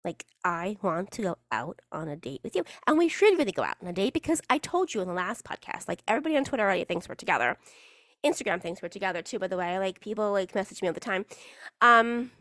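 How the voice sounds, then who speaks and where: Lively, playful woman chatting away. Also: mid-range voice, quick pace, no room sound, clean studio sound. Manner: chatty, rambling, playful, often swears. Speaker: podcast host. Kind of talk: casual solo podcast chat.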